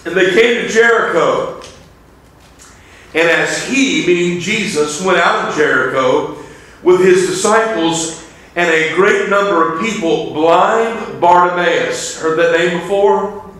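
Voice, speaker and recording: A man's voice: sits high, takes it slowly, a bit bright. A man preaching a revival sermon as a visiting evangelist, fervent and conversational, reading scripture in old-style wording. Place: church sanctuary. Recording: echoey church sanctuary.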